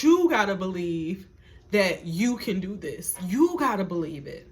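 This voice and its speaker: A woman's voice: medium pitch, sing-song, a little slow. A woman reads tarot cards in a casual, spiritual way. She talks emphatically, repeats her points and swears freely. Her encouragement is earnest and preacher-like. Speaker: tarot reader.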